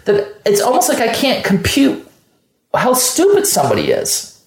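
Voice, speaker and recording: A man's voice: extremely high pitch, wildly swooping pitch, moderate pace. A man in casual conversation, talking bluntly and with a lot of swearing, stopping and restarting his sentences as he works through his points. He sounds like a manager describing how he handles his staff. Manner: blunt and profane, many restarts. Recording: roomy echo.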